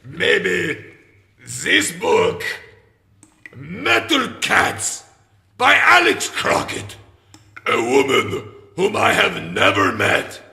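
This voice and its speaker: A man plays a masked ghoul metalhead with a shrill, gravelly voice that leaps all over its range. He rants and barks orders, crude and mock-menacing, taking his time over the words. The sound is roomy, with faint noise behind. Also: huge pitch swings, extremely slow, full character voice. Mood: ranting. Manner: shouting, profane, mock-menacing. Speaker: host of a call-in question segment.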